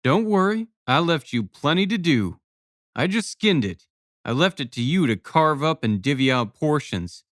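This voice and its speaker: A brash, boastful father ribs his friend in a loud, raised voice, as a man reading an audiobook plays him. His sarcasm is boisterous and the sound is dry and close. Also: on the high side, sing-song, normal speed, dry recording, voice pushed up.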